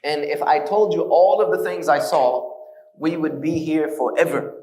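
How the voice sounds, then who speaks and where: A man with a slightly high voice tells his story to a hall, earnest and now and then wry. The sound is roomy, and he stands some way from the microphone. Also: normal speed, warm tone, far from the mic. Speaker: speaker giving a lecture on his conversion. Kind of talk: conversational lecture.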